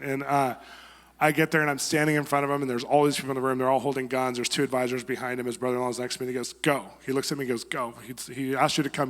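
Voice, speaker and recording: A man preaching a sermon, telling a story and acting out the people in it. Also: medium pitch. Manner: animated storyteller acting out quoted voices. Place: church hall. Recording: long church hall reverb.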